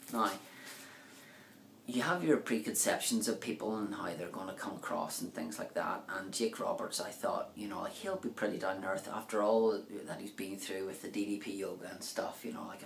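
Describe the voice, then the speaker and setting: A vlogger with a low-pitched voice and vocal fry tells stories casually to camera, rambling and chatty with lots of fillers as he acts out what people said. He's recorded in an echoey room with faint ambient noise.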